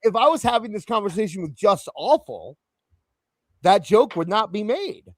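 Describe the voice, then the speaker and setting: A man hosting a casual podcast, his slightly high voice swinging lively up and down. He jokes and rambles with plenty of fillers. The sound is dry and close. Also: normal speed, no echo. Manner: animated, joking, lots of fillers. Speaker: podcast host. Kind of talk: casual chat.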